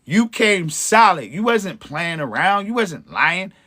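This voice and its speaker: A man's voice: high voice, very animated, slow pace, pushed and bright, a little hiss or hum. A man, hosting a livestream as an empowerment coach, talking to viewers in a preachy, encouraging way with slang and frequent chuckles. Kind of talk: livestream motivational talk to viewers.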